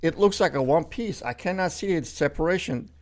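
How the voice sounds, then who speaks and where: A man's voice: on the high side, lively intonation, a little fast. Older man chatting through an unboxing. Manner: chatty and rambling, with many fillers and self-corrections. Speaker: unboxing vlogger. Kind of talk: casual unboxing commentary.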